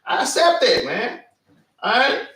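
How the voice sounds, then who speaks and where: A man leading an informal preaching class, animated and street-casual, tagging "man" onto his sentences. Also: extremely high pitch, a little slow. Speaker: class teacher. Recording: echoey room, mic far off.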